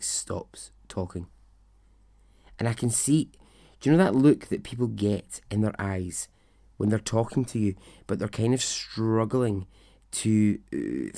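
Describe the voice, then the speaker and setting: A podcast host recounts a story in a rambling, conversational way. His voice sits somewhat low. He drifts into self-deprecating asides before getting back on track. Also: expressive, a little slow, gravelly, dark tone. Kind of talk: storytelling monologue.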